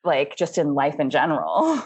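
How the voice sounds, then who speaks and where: A woman's voice: sits low, sing-song, moderate pace, slightly rough. A young adult woman co-hosting a podcast in casual chat, rambling and filling her talk with "like.". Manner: rambling, says "like" constantly, laughs often. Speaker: podcast co-host.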